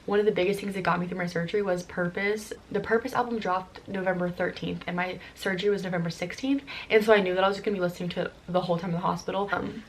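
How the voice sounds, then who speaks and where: Fast-talking young woman, full of fillers. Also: mid-range voice, a little hiss or hum. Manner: rushed, filler-heavy with constant "like" and "um". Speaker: vlogger. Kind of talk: casual personal storytelling.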